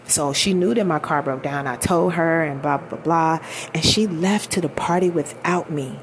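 Woman, 30s, gravelly voice, candid personal storytelling, emphatic colloquial delivery. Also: low voice, moderate pace, slight background noise. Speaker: vlogger.

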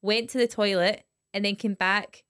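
A woman's voice: medium pitch, steady tone, normal speed, a bit bright, smooth. A woman co-hosting a podcast, chatting casually and telling stories by reading messages aloud. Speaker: podcast co-host. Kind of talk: casual chat.

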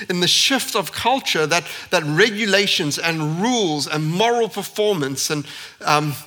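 A South African pastor preaches a church sermon with earnest conviction, his slightly high voice bright and forceful. He builds his point by stacking repeated phrases, and a long reverb tail trails his words.

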